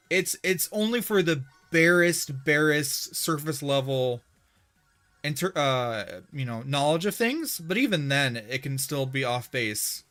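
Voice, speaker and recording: A man streaming a video game live, chatting casually in a rambling, excitable way with frequent restarts. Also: on the high side. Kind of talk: casual livestream chat while gaming.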